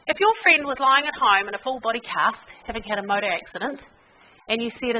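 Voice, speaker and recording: A woman giving a candid, lively faith talk to an audience, acting out quotes and laughing easily. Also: on the high side, fast. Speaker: conference speaker. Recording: tinny phone-like lo-fi sound.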